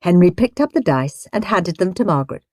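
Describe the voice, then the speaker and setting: A woman narrating a children's audiobook in a lively, dramatic way, relishing each line. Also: fairly low pitch, brisk, dry recording, clean studio sound. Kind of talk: expressive storybook narration.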